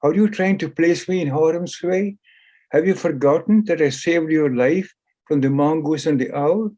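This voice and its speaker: A man's voice: a little high, animated, measured pace, darkish tone. A man voicing a trapped male cat who pleads urgently with a mouse in a spoken story. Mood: impatient. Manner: urgent, coaxing.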